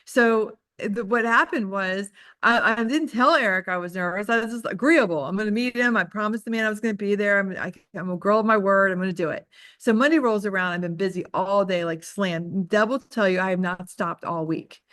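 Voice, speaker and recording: A woman's voice: medium pitch, a little fast, fairly bright tone, no room sound, studio quality. Chatty woman coaching with candid stories. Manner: chatty storytelling, heavy use of "like"; self-deprecating and candid. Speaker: real estate trainer. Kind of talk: casual group coaching talk.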